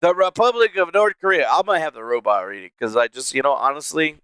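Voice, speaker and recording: Bright, rambling streamer man. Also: fairly high pitch, lively intonation, fast, clear, resonant tone, no room sound. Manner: rambling, profane, laughs a lot. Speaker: live streamer. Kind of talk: casual live-stream chat. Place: small room at home.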